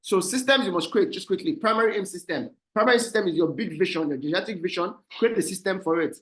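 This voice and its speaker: Nigerian male speaker, rapid business talk, slightly higher voice, video call. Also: fairly bright tone, low-quality recording. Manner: fast, repeats "right?" as a tag. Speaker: guest speaker. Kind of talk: online business presentation.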